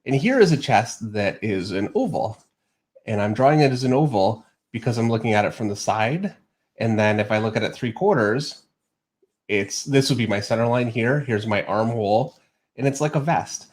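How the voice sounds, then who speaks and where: A man's voice: mid-range voice, expressive, moderate pace. A middle-aged man hosting a casual livestream, laughing easily and explaining while he draws. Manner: easygoing, laughs often, explains while drawing. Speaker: host, artist. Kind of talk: casual livestream chat and drawing lesson.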